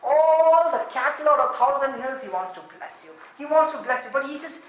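A man preaching a sermon in an animated way, laughing and acting out quotes as he goes. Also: very high-pitched, fairly quick, hardly any pauses. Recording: very echoey hall.

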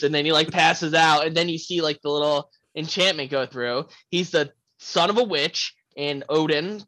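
Animated young man, high-ish voice. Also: normal speed, hardly any pauses, no echo, rough recording. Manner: animated, swears freely, acts out movie lines. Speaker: podcast host. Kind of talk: casual film review chat.

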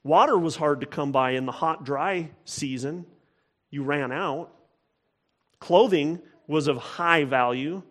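A man's voice: on the high side, slow pace. A man preaching a sermon, earnest and emphatic, often repeating phrases for weight. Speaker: pastor.

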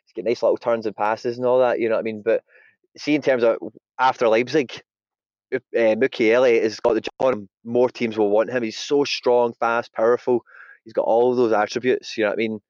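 A man's voice: mid-range voice, steady tone, brisk, a little mellow, dry recording. A man talking football casually on a podcast, rambling and tagging "you know what I mean" onto his points. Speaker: podcast guest. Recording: dull dry sound.

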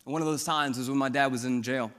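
A man's voice: mid-range voice, steady tone, fast, a bit bright, in a large hall. A pastor from Missouri preaching a sermon, telling his testimony in a bold, outspoken, conversational way.

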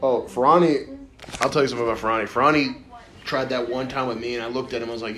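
A man's voice: medium pitch, fairly even intonation, fast, bright, forceful tone, soft background music. A man co-hosting a casual podcast, telling stories full of swearing and cutting in on his partner. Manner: profane, storytelling, talks over his partner. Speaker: podcast co-host. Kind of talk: casual drunk podcast chat.

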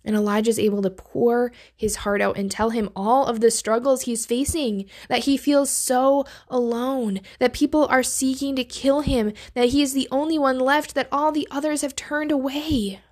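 A woman hosting a devotional podcast, reading and teaching from the Bible in an earnest way. She often drops to a hushed near-whisper on key phrases. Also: high voice, steady tone, moderate pace, few pauses.

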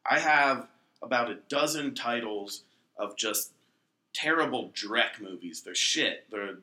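A man's voice: mid-range voice, animated, a little slow, pushed and bright. A man hosting a casual podcast chat, laid-back and loose, swearing as he explains the next game. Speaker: podcast host. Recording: echoey room.

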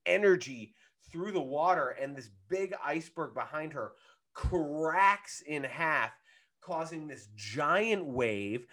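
A man's voice: on the high side, lively intonation, takes it slowly, a bit bright. A man co-hosting a casual podcast, retelling a cartoon episode with wry humor and acted-out lines. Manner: wry storyteller, acts out scenes with comic lines. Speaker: podcast co-host. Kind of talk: casual chat recapping a cartoon.

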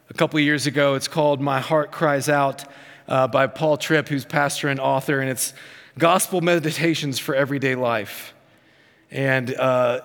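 A man's voice: medium pitch, a bit bright, long reverb tail. A man in his thirties, a pastor preaching a sermon in a church, earnest and building emphasis through repetition. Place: church sanctuary.

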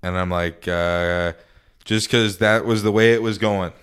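Deep-voiced man telling a rambling story. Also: fairly even intonation, measured pace, fairly bright tone, clean tone. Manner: rambling, full of fillers and restarts. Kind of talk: casual storytelling.

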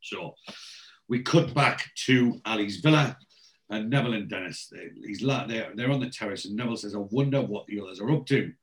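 A man's voice: fairly low pitch, brisk, low-quality recording. A man hosting a casual chat, retelling TV scenes and quoting the characters' lines in a storytelling way. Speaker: podcast host.

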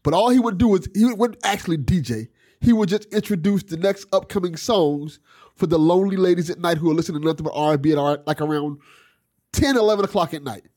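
A man's voice: high voice, fast, darkish tone. A man co-hosting a podcast, chatting casually and explaining things at length. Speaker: podcast co-host. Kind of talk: casual chat.

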